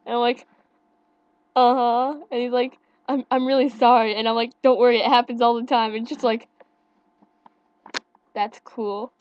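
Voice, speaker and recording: A young woman telling her part of a concert story beside a friend, a little awkward and soft-spoken. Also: on the high side, flat delivery, normal speed, long pauses, dry recording. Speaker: friend of the vlogger. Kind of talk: casual storytelling. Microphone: webcam. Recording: dry, lo-fi webcam audio.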